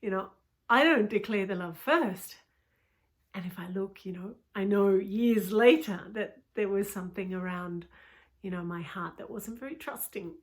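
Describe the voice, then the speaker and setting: A woman's voice: mid-range voice, moderate pace. A middle-aged woman coach telling a personal story in an intimate way, with frequent "you know" asides and drops into a whisper.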